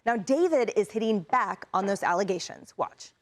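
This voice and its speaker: A woman hosting a TV panel show, brisk and breezy as she hands off to her panelists. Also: mid-range voice, animated. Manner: brisk, breezy, lightly teasing. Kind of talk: TV panel talk.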